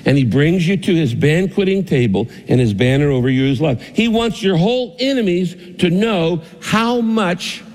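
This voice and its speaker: A man's voice: a little high, animated, normal speed, hardly any pauses, darkish tone. Man preaching in a reverberant hall. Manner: storytelling, vivid, repetitive phrasing. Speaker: pastor. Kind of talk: sermon.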